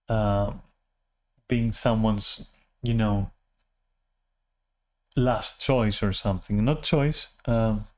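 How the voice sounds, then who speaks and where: A man's voice: on the low side, darkish tone. A man ranting casually to camera, rambling and self-deprecating, swearing freely and restarting his sentences often. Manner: frequent restarts and filler words. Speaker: vlogger.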